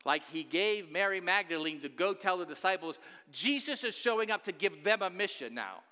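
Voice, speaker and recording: A man preaching an Easter sermon as a pastor, swinging into loud pleading outbursts between quieter stretches. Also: high-pitched, expressive, normal speed. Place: church sanctuary. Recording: long church reverb.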